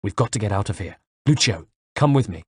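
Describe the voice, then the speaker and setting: A man's voice: fairly low pitch, lively intonation, fairly quick, a little mellow, breathy edge, dry recording, studio quality. A man voicing a cunning, deceptive young swordsman in an audiobook, speaking urgently and persuasively. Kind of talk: audiobook character voice.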